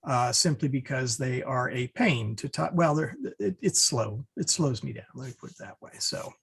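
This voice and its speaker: A man teaching an online Latin class over a video call, relaxed with many fillers and restarts. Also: mid-range voice, normal speed, vocal fry, husky.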